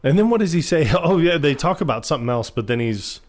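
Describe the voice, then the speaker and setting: A man's voice: fairly high pitch, very animated, quick pace. A man co-hosting a podcast, laughing often while quoting lines from a comedy film in casual chat. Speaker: podcast co-host.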